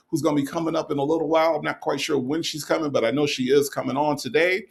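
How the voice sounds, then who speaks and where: A man hosting a livestream, chatting casually as he signs off, checking in with "okay?" and repeating slow affirmations. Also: a little high, fairly even intonation, gravelly, slightly rough. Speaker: livestream host.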